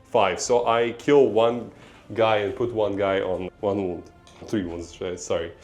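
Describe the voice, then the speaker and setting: A man's voice: lowish voice, steady tone, measured pace, darkish tone, soft background music. A man with a Russian accent calling a tabletop battle casually, laughing often and correcting his own counts. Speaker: tabletop game player. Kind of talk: casual battle report play-by-play.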